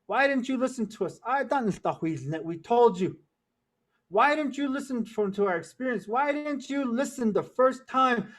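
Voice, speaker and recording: A man's voice: very high voice, animated, unhurried, a bit bright, voice pushed up, full character voice. A man voicing an old male elder who insistently counsels two travelers in a told story. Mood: reproachful. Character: old male elder giving patient warnings.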